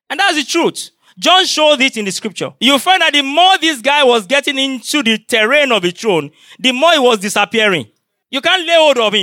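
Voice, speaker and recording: A man's voice: very high-pitched, pushed and bright, no echo, studio quality. A man preaching a sermon to his congregation, throwing rhetorical questions at them and repeating his key phrases.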